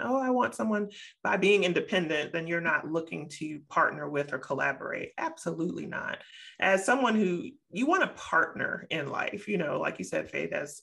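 A middle-aged woman co-hosting a casual panel discussion, making measured, reasoned points and repeating them for emphasis. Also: deep voice, vocal fry, bright, forceful tone. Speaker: co-host.

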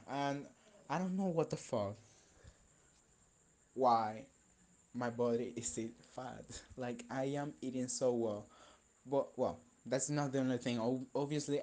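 A young man whose first language is Spanish, venting in a casual vlog, rambling and swearing with many fillers and restarts. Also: medium pitch. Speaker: vlogger.

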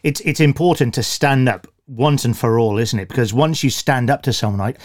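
A man hosting an interview, asking questions in a conversational way with halting restarts. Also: medium pitch. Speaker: host.

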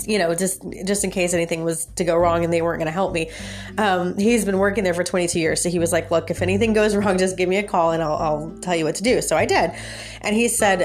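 A woman casually telling her viewers a story, her voice jumping up in pitch and breaking into laughs as she relives the outrage. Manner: animated, jumps high in pitch when retelling her outrage, laughs often. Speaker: vlogger.

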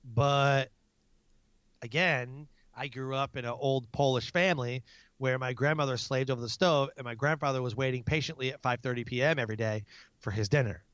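A man in his thirties tells lively stories about his family and acts out his own frazzled outbursts. His voice sits in the middle range. The sound is dry with no room around it, and slightly dull. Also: medium pitch, a little fast, dry recording. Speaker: guest; military non-commissioned officer. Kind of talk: casual storytelling interview.

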